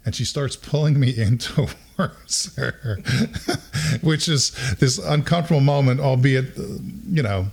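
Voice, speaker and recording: A middle-aged man hosts a podcast and tells a long, funny story in a casual way. He breaks into laughter and acts out what people said. His voice sits at an average pitch. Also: a little slow, creaky, slightly rough. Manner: animated, acts out quotes with laughter. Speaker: podcast host.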